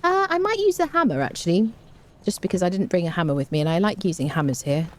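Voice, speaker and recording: A woman hosts a let's play, chatting casually as she plays and humming little tunes between remarks. Her voice is on the low side and sing-song, and she talks fast.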